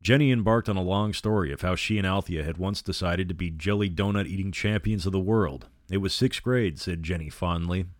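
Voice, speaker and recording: A man's voice: low-pitched, fairly quick, few pauses, no room sound, clean studio sound. A man narrating a horror novel aloud, reading every character in his own voice. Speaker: storyteller.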